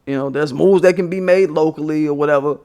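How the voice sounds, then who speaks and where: Young American male stream host, somewhat high voice, profane and emphatic, laughs with scorn. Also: quick pace, a little mellow, clear, resonant tone. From United States. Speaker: livestream host. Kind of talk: casual political rant.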